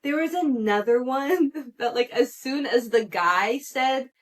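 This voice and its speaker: A woman's voice: high-pitched, measured pace. Chatty woman gossip host. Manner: chatty, animated, laughs often, acts out quoted people. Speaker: podcast host. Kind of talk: casual solo gossip podcast.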